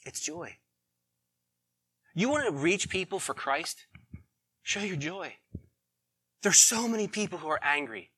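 A man preaching with a bright, forceful, somewhat husky voice, talking to his congregation the way he would in conversation. He keeps throwing rhetorical questions at them and shifts between loud emphasis and quiet, intimate asides. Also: on the high side, very animated, unhurried, pauses often. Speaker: pastor. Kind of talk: sermon.

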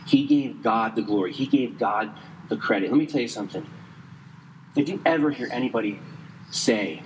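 A man's voice: medium pitch, in a large hall, a little hiss or hum, rough recording. Man preaching with a strained voice. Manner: conversational preaching with asides, quick bursts and slow emphatic stretches. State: losing his voice. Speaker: pastor. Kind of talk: sermon.

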